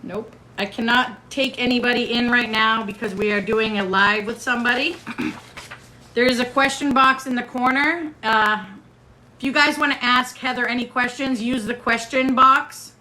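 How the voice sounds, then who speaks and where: Bright, chatty woman hosting a livestream. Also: on the high side, moderate pace. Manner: chatty and playful, reads out viewer comments. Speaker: livestream host. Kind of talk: casual livestream chat.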